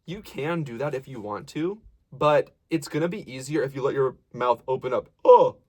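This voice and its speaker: A man's voice: medium pitch, normal speed. A man giving a casual, encouraging singing lesson, explaining technique and breaking off to demonstrate sounds and sung lines. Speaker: voice teacher.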